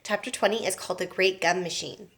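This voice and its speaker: A woman teacher reading a children's book aloud to young students, in an expressive storytelling manner. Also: lowish voice, fast talker.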